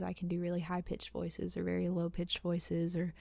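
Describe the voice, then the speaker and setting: A young woman with a tamed Southern accent speaks softly into a close mic, slipping in and out of whispers. Her voice sits low and mellow, with a gravelly fry at the edges. The sound is dry and intimate, as in a soft-spoken ASMR Q&A. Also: little pitch movement, moderate pace, dry recording. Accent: softened Southern US. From American South. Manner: soft, partly whispered, hesitant with many fillers. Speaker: ASMR channel host. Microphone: close microphone.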